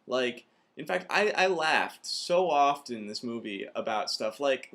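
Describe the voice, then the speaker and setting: A man's voice: mid-range voice, slow pace, fairly bright tone. A young man from the Minneapolis area giving a rambling, casual vlog review of a film, full of filler words. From Minneapolis area, USA.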